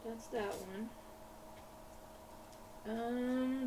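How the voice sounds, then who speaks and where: A craft vlogger with a creaky, slightly high voice and moderate pace chats loosely as she makes things, laughing frequently and repeating her words. The recording has a slightly distant mic and faint room noise.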